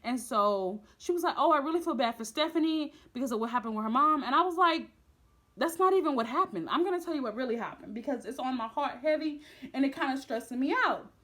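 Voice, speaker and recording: A young woman, retelling campus drama for her vlog in a bright, high voice. She gets dramatic and animated, jumping up in pitch whenever she acts out what people said. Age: young adult. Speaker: vlogger. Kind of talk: storytime vlog, casual retelling.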